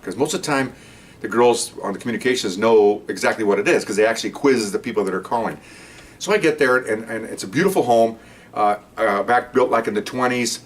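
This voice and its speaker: A man's voice: lowish voice, distant mic. An older man, a retired police officer, telling a story in a casual, rambling way with many restarts.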